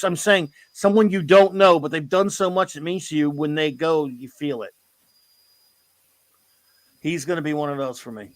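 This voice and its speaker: A man's voice: on the high side, dry recording. A middle-aged man hosting a casual chat, telling a story in an enthusiastic, rambling way. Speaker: host.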